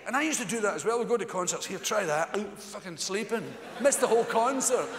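Scottish man, Glaswegian accent, animated profane stand-up storyteller, high pitch, live theatre reverb. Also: a little fast, noisy background. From Scotland. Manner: profane, animated, puts on voices of friends. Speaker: stand-up comedian. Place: large theatre on stage. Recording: echoey live theatre recording. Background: audience laughter.

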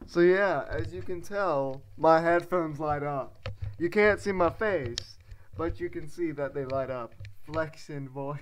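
Speaking unhurriedly in a slightly high male voice, a teenage boy rambles through a headphone review for his gaming channel. It's a casual vlog packed with fillers and self-mocking jokes, captured with poor audio.

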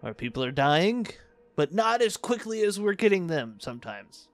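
Young adult man, game commentary, sarcastic asides, slightly higher voice. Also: sing-song, normal speed, no room sound, faint music behind. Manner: wry, sarcastic running commentary. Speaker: let's play host.

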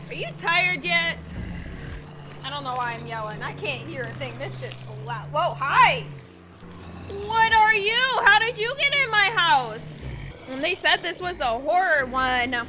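A woman's voice: sits high, noisy background. A young woman hosting a casual game commentary, chatting to viewers, swearing freely and breaking into shrieks and laughter. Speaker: gaming host.

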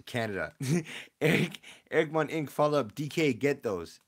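Excitable man chatting on a live stream. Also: medium pitch, moderate pace, slightly rough. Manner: excitable, chatty, talks to viewers. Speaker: streamer opening card packs. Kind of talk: casual live-stream chat.

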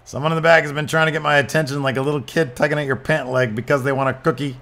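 Guy reading out a loud cocky wrestler promo, taunting everyone. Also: fairly high pitch, level tone, racing, voice pushed up. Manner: cocky, taunting, shouting at the crowd. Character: brash trash-talking male wrestler cutting a promo.

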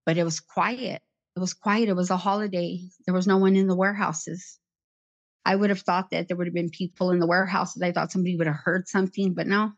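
Low-voiced woman recounting an ordeal. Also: steady tone. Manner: plain, halting, repeats herself. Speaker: interview guest, survivor. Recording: slightly muffled recording.

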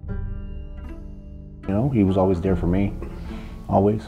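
A man's voice: low voice, steady tone, takes it slowly, gravelly, muffled recording. A man in a documentary interview, speaking plainly and earnestly about a close friend, over faint guitar music. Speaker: friend of the subject.

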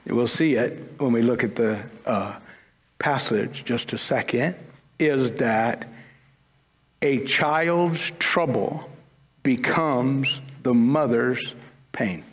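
A man's voice: medium pitch, takes it slowly. A man preaching a sermon to his congregation, casual and conversational, with humorous asides. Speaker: pastor. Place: church sanctuary. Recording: long church-hall reverb.

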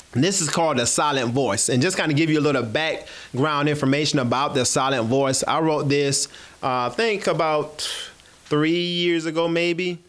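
A man from South Carolina, chatting casually to his audience and then performing a spoken word poem. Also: medium pitch. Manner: animated, chatty, addresses audience as y'all. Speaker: host.

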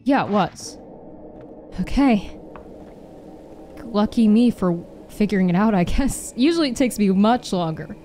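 A young woman streamer doing let's play commentary in a horror game, swearing and yelling at enemies. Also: mid-range voice, lively intonation, measured pace, long pauses, a little hiss or hum. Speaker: gaming streamer.

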